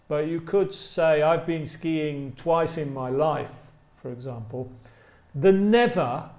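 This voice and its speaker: A man teaching an English grammar lesson, repeating example sentences slowly and stretching them out for emphasis. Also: a little high, darkish tone, reverberant. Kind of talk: slow, deliberate grammar lesson with spoken examples.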